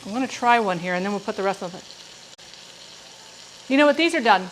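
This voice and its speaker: A woman's voice: medium pitch, lively intonation, brisk, a little hiss or hum, rough recording. A middle-aged woman hosting a live cooking demonstration from her kitchen, chatting and telling rambling stories as she cooks. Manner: rambling, warm storytelling with frequent asides to viewers. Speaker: cooking show host. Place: home kitchen. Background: sizzling frying pan.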